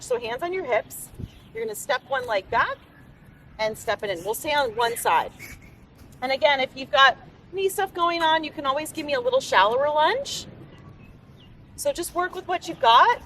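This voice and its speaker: A high, very animated woman's voice, a little bright, moving at a moderate pace with long pauses. She's a fitness instructor running a live outdoor workout on a beach, calling out upbeat, encouraging cues. The distant outdoor mic picks up faint background noise.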